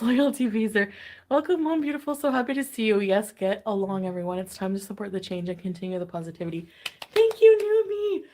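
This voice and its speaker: A woman's voice: mid-range voice, a little mellow. A woman chatting casually on a livestream, tired and giddy, greeting viewers with bubbly squeals. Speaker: livestream host.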